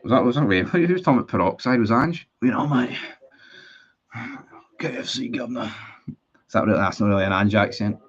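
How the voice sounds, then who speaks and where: A man's voice: lowish voice, lively intonation, fast. A man hosting a casual livestream, talking bluntly and rambling, swearing freely and restarting his sentences. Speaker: livestream host. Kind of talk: casual livestream chat reading viewer comments. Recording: dull lo-fi stream audio.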